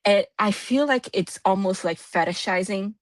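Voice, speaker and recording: A woman's voice: mid-range voice, moderate pace, no echo. A woman co-hosting a casual book club chat over a video call, thinking aloud with frequent restarts.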